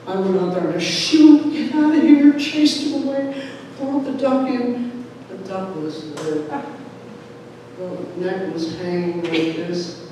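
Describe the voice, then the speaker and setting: A man in his sixties telling a personal story live on stage, animated and lively, recorded from far off in an echoey, noisy hall. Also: sits high, slow. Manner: animated, lively, acts out voices.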